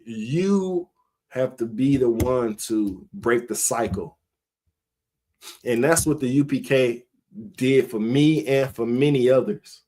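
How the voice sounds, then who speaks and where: A man's voice: medium pitch, slow pace, dark tone. Rambling, laughing man preaching casually. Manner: rambling, conversational, laughs often. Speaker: member of a street religious group.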